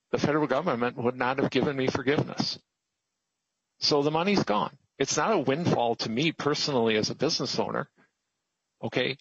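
A man with a gravelly, husky voice makes an emphatic, pleading case before a committee. The sound is dry and muffled, like a lo-fi hearing feed. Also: medium pitch, a bit bright, dry recording. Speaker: testifier, business owner. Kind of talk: formal public testimony.

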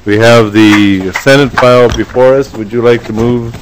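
A man chairing a legislative committee meeting in a formal, halting way, pausing often on fillers. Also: medium pitch, steady tone, slight background noise, poor audio. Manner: halting, frequent filler pauses.

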